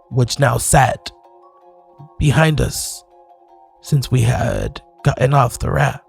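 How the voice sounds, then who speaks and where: Slow, measured male horror narrator. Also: medium pitch, creaky, husky. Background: faint music.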